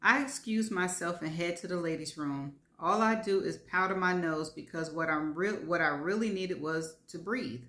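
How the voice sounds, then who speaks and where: Female host reading her story, low-pitched, candid and wry, roomy sound. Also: moderate pace, hardly any pauses, pushed and bright. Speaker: host and reader. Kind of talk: first-person story reading. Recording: roomy echo.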